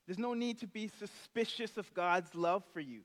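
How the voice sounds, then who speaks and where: A high-voiced male pastor preaches at normal speed in a relaxed, chatty style within a church sanctuary. Long reverb from the spacious hall trails each line, and he slips into short character impressions as he tells a story.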